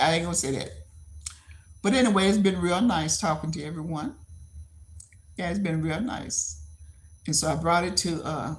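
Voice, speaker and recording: A woman in her seventies talking bluntly to viewers on a casual livestream, often repeating herself. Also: on the low side. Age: 70s. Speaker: livestream host.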